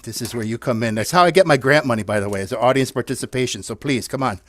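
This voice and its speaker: A man's voice: medium pitch, quick pace, no room sound. A man hosting a playful Zoom puppet show, telling silly stories and leading a children's sing-along with jokey asides. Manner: jokey and animated, chatty asides to the audience. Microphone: video call.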